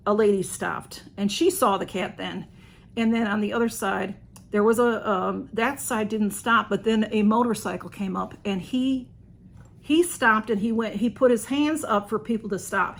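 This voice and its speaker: A woman telling a story in a casual, excited way, with many restarts and fillers. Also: mid-range voice. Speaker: channel host.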